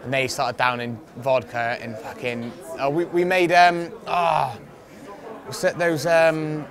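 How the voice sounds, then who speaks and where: A man's voice: on the high side, fairly even intonation, takes it slowly. A young man, a fighter, telling a rambling anecdote in a casual interview, swearing freely and laughing often. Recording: crowd noise outdoors.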